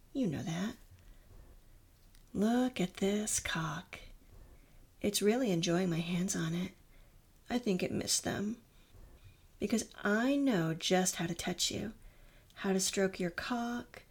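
Young woman, breathy and close-miked, whispered role-play, slow teasing delivery. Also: mid-range voice. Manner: soft, slow and teasing, dropping often into whispers.

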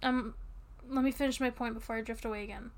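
Woman voicing a drunk doting girlfriend, high voice, gravelly fry, soft rambling, audio role-play. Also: steady tone, quick pace, slight background noise, lightly acted. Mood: tipsy affectionate. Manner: rambling, giggly, soft and intimate. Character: tipsy affectionate young girlfriend, rambling and sweet.

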